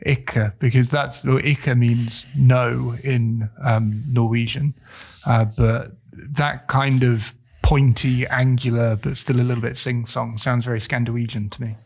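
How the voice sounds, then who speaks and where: A man's voice: medium pitch, little pitch movement, measured pace, gravelly, a little mellow, husky. A man co-hosting a podcast in casual chat, thinking aloud with many fillers as he guesses. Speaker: podcast co-host.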